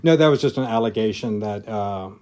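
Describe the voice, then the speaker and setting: A man's voice: fairly low pitch, brisk, darkish tone. A man from Louisiana hosting a podcast interview, speaking hesitantly with frequent restarts. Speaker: podcast host. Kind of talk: casual interview chat.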